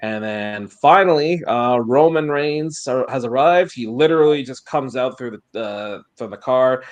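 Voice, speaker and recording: A man's voice: medium pitch, measured pace, no room sound. A man co-hosting a podcast, recapping a show in casual chat with many fillers and restarts. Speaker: podcast co-host.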